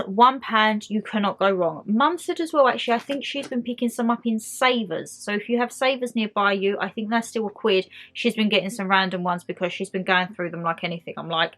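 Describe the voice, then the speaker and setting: A woman's voice: a little high, fairly bright tone. A young woman chatting enthusiastically to camera about her monthly favourites at home. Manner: chatty and enthusiastic, talks straight to viewers. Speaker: beauty and lifestyle vlogger.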